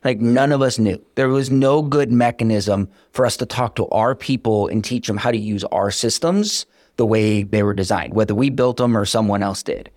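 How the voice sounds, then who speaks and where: Recorded dry and studio-clean, a man with a fairly low voice talks at a moderate pace with few pauses. He appears on a podcast as a startup founder, recounting his story energetically and candidly, poking fun at himself and performing the dialogue he quotes.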